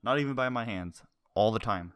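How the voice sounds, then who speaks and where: A young man with a lowish, smooth and clear voice tells a long story in loose podcast chat. He rambles, swears freely and laughs as he goes. The sound is dry and close. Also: a little fast, fairly bright tone, no echo. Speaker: podcast co-host.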